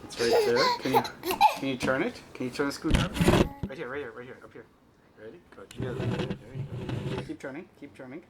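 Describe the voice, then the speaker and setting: A man's voice: medium pitch, expressive, brisk. A man in his thirties, a father patiently explaining and encouraging a small child step by step in a casual home video. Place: home, indoors. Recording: loud background noise.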